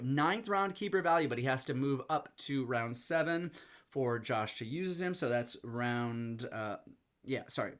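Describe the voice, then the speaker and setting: A man's voice: mid-range voice, fairly bright tone. A man giving a casual, chatty breakdown of a fantasy basketball draft, thinking aloud and poking fun at himself as he checks his notes. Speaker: fantasy basketball league commissioner. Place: in London.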